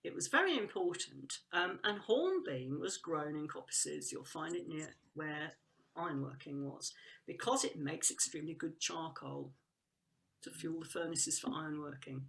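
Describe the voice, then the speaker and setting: A woman's voice: deep voice, expressive, moderate pace, gravelly, fairly bright tone. A woman talking as a guest about trees and woodland work, enthusiastic and rambling, with frequent restarts and laughs. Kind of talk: casual conversational chat.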